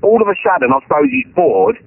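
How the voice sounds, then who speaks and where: Man, phone-in caller, gravelly and husky, very lively pitch, tinny phone line. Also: fast. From East London. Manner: chatty storyteller, laughs easily. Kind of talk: telling an anecdote on a radio phone-in.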